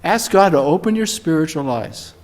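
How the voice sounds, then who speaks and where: A man's voice: fairly high pitch, expressive, normal speed, darkish tone. Older male pastor telling a story from the pulpit. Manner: conversational storytelling, emphatic rises on key words. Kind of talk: sermon. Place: church sanctuary.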